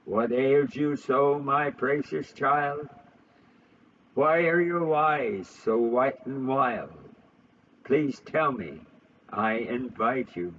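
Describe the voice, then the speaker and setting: A man's voice: mid-range voice, extremely slow, dull audio, slight background noise. A man voicing a haughty, stately old French noblewoman mother, speaking sedately. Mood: tender.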